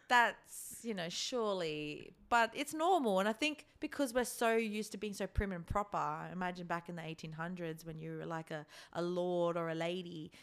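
A woman's voice: lowish voice, fairly bright tone, clear, resonant tone. A young woman co-hosting a casual podcast, chatty and swearing freely as she drifts off on tangents. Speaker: podcast co-host. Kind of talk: casual chat.

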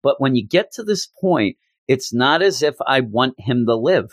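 A man's voice: mid-range voice, animated, normal speed, dry recording, studio quality. A man co-hosting a podcast, chatting casually and emotionally about a comic book, often restarting his sentences. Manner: earnest, emotional, talks with repeated restarts. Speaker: podcast co-host.

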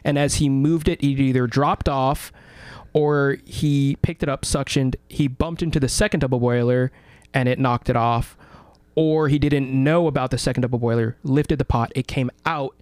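A man in mid-range pitch, talking loosely and fast as he spins a story on a radio talk show. He swears freely and throws himself into the loud bits, acting out his own shouts. The sound is dry and close, with no room around it. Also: steady tone, clean tone, no echo. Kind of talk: casual storytelling chat.

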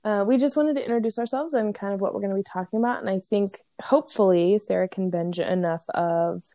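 Mellow-voiced chatty woman podcaster. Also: medium pitch, a little fast, no echo. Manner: chatty, animated storyteller. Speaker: podcast co-host. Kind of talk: casual chat.

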